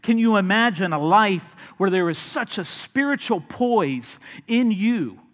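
A man preaching a sermon in an earnest manner, sometimes turning lively as he retells a story. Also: sits high, unhurried, long reverb tail. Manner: earnest, builds to animated storytelling with acted voices.

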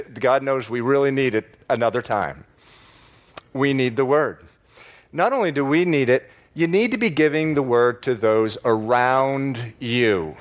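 A man preaching a sermon to a congregation in church, stressing key words by slowing down and repeating phrases. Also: mid-range voice. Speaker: pastor.

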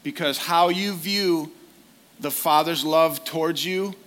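A man's voice: a little high, takes it slowly, a bit bright. A man preaching a sermon in a conversational way, often putting direct questions to his listeners.

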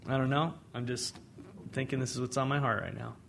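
A man preaching a sermon as pastor, in a conversational way, swinging between loud emphasis and hushed asides. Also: medium pitch, fairly even intonation, fairly quick, creaky, slight background noise.

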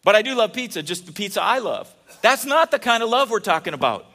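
A man's voice: high-pitched, very animated, fast, pushed and bright. A man preaching a casual, joking sermon, telling stories and often restarting his sentences. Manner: chatty and joking, with many restarts. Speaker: pastor.

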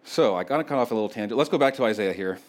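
A man's voice: fairly low pitch, expressive, rapid-fire. A man in his thirties preaching a sermon as pastor, talking in a loose, unscripted way with fillers and restarts.

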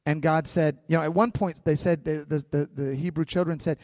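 A man preaching a sermon as pastor, animated, acting out quoted voices along the way. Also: fairly high pitch, a little fast, few pauses, no room sound, studio quality, big-room sound.

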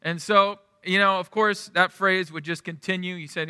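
A middle-aged man preaching in a church, his voice high and strikingly bright. He talks to the congregation conversationally and keeps checking in with them. His words ring out with a long reverb tail from the hall. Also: steady tone, normal speed, few pauses, smooth, clean studio sound. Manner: conversational, asks the room "right?". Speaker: pastor. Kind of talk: sermon.

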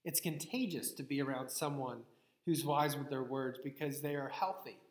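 A man's voice: mid-range voice, fairly even intonation. Earnest preacher man in an echoey hall. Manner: measured, earnest, asks rhetorical questions. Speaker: pastor. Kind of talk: sermon. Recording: echoey hall with long reverb.

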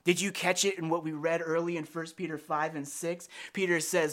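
A man's voice: fairly high pitch, little pitch movement, moderate pace, hardly any pauses, fairly bright tone. A man preaching a sermon as a pastor, telling a personal story in an earnest way and acting out his own prayers.

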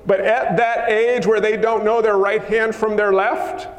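Pastor guy preaching, really high voice, playful, echoey church. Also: a little slow. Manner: lively, teasing, acts out scenes. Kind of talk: sermon. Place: church sanctuary. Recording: echoey hall with long reverb.

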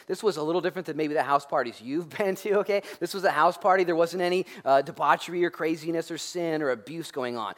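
A man preaching a sermon as pastor, lively and joking, acting out the voices of the people in the story. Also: a little high.

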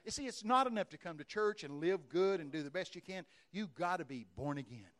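Booming folksy preacher man. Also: lively intonation, fairly quick. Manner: folksy storytelling with sudden loud bursts. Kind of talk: sermon. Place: church.

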